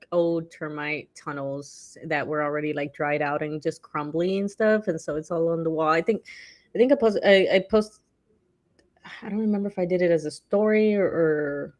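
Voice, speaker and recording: Lady chatting casually, lowish voice, tons of "like" and "you know". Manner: chatty, lots of fillers, acts out quotes animatedly. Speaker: podcast co-host. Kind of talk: casual chat.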